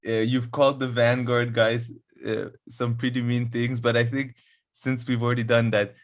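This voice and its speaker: A man's voice: mid-range voice, little pitch movement, normal speed. A man co-hosting a casual podcast, easygoing and chuckling as he talks. His voice sits in an ordinary mid range. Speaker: podcast co-host. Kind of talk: casual chat.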